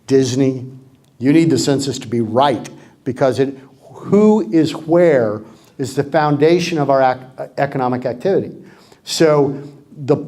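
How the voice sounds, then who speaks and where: A man's voice: medium pitch, mellow. A middle-aged man speaking as guest at a club meeting, with wry, joking sarcasm and a dry delivery. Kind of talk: political club talk with Q&A. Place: community clubhouse meeting room.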